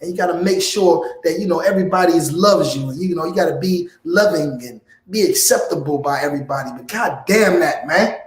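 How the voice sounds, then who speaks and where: Fiery high-voiced preaching man, echoey room. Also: fairly quick, few pauses. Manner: fiery, blunt, tags lines with "man". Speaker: preacher teaching a class. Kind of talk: heated preaching lecture.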